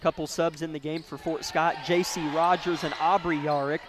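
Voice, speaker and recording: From courtside, a male play-by-play announcer calls a high school basketball game quickly and excitably, his voice rising to shouts on big plays. The audio is a noisy gym broadcast feed.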